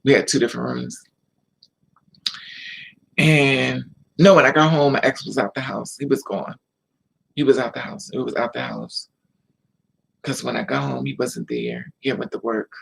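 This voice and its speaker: A man's voice: mid-range voice, expressive, normal speed, creaky, long pauses, slightly rough, rough recording. A man casually telling a personal story to the camera, repeating himself and quoting the people involved. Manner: repetitive, emotional retelling with quoted dialogue. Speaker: vlogger.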